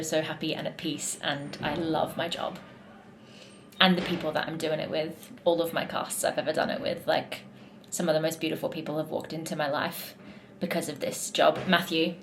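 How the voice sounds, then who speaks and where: A woman's voice: sits low, a bit bright, a little hiss or hum. A young woman in casual vlog chat, talking in a gushing, heartfelt way as a musical theatre performer backstage.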